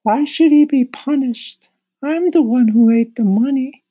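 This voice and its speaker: Chester, a high little cricket. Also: male voice, a little slow, lo-fi sound. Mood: earnest. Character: gentle earnest young male cricket. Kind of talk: audiobook character voice.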